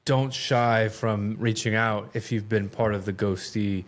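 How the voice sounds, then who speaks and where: A man co-hosts a casual fan podcast in a fairly low voice. He talks in a laid-back, hesitant way, searching for words with plenty of fillers. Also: steady tone, unhurried. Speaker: podcast co-host.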